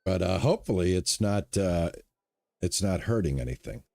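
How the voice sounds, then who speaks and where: A man's voice: low-pitched, normal speed, gravelly. A man streaming a shop game live, talking through his moves and chatting with viewers. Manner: relaxed, chats with viewers between game remarks. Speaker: gaming streamer. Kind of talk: live stream commentary while playing.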